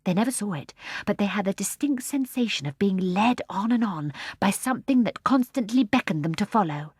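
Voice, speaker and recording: Soft-spoken woman reading a storybook. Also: mid-range voice, expressive, a little fast, husky, no room sound, studio quality. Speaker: audiobook narrator. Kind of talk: scripted storybook narration.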